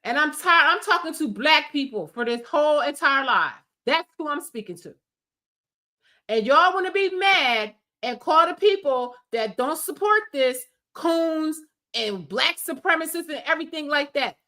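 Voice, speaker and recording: A woman's voice: high voice, expressive, moderate pace, bright, forceful tone. A woman streamer giving heated, scolding political commentary in an emphatic rant. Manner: angry, scolding, emphatic rants.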